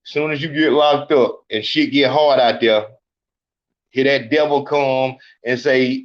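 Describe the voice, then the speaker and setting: A man's voice: mid-range voice, steady tone, unhurried. A man hosting a podcast, giving blunt, profane street commentary in a preachy way. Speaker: podcast host. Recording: dull lo-fi sound.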